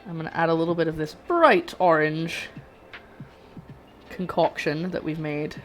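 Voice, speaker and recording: A young woman with a slightly low voice cooks on a live stream. She talks in a loose, rambling way to her chat while stirring pots in her kitchen. Faint music plays behind her. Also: fairly even intonation, normal speed. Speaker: cooking streamer. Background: faint background music.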